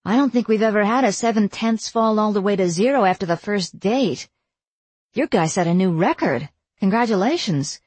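A woman's voice: mid-range voice, lively intonation, moderate pace, darkish tone, breathy edge, dry recording, pitched above the performer's own voice. A woman voicing a young woman heroine in a storybook, teasing and sarcastic in manner.

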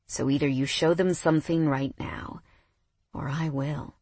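A woman's voice: sits low, steady tone, unhurried, darkish tone, slightly rough, no room sound, full character voice. A woman narrator voicing a cocky, teasing young man with a smug, playful drawl.

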